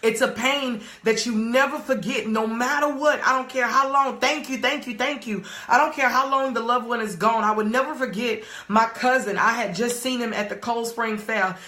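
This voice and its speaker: Emphatic woman coach, bright echoey voice. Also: fairly high pitch, moderate pace, few pauses. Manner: emphatic, urging viewers to type and react. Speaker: life coach hosting a live stream. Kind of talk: live-streamed motivational talk.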